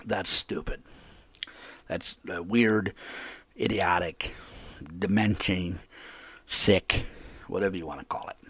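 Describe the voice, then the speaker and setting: A man's voice: sits low, fairly even intonation, moderate pace, husky, dry recording. A man hosting a live call-in podcast, ranting indignantly and repeating himself. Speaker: podcast host.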